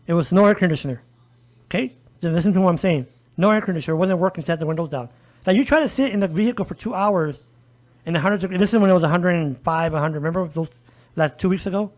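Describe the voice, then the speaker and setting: Emphatic high-pitched man on a podcast. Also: darkish tone. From El Paso area, US. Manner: emphatic, repeatedly addressing listeners with "folks" and "okay?". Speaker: disability advocate guest. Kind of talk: conversational podcast interview.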